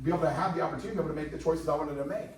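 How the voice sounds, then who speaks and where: Man from Indiana, quick upbeat sales talk, slightly high voice, heard from a distance in an echoey room. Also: darkish tone. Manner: fast, joking, asks the audience questions. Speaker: presenter. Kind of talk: sales presentation to a live audience. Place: company office meeting room.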